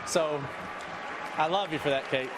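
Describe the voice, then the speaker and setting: A man, a race car driver, giving an earnest, halting thank-you speech at an awards banquet. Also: fairly high pitch, over a noisy crowd. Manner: earnest, halting, with frequent restarts and fillers. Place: large banquet hall. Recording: long hall reverb, faint background noise.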